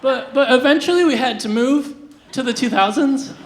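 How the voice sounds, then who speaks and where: A young stand-up comic with a high voice tells absurd jokes in a flat, deadpan way. The delivery stumbles through restarts and little fillers. The sound carries the roomy echo of a live venue. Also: normal speed, slight background noise. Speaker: stand-up comedian. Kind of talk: stand-up comedy set. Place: live comedy venue stage.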